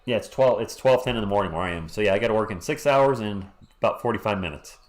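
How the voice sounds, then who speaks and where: A hoarse man hosting a live stream, calling a game play by play in a casual way and greeting chat viewers between plays. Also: lowish voice, quick pace. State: hoarse, losing his voice. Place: home at night.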